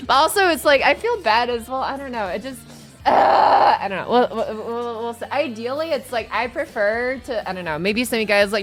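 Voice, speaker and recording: A young adult woman streaming live, chatting casually in a rambling, excitable way and laughing often. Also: fairly high pitch, moderate pace, faint music behind.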